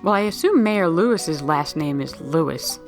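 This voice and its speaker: Woman, deep for a woman, chatty, wry, let's play banter, faint music behind. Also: animated, normal speed. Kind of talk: casual gameplay chat.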